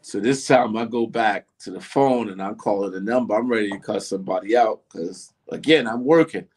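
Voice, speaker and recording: A man's voice: lowish voice, a little fast, breathy edge. A middle-aged man telling a story in a casual interview, acting out the voices of the people in it. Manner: animated, acts out voices in his story. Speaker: interview guest.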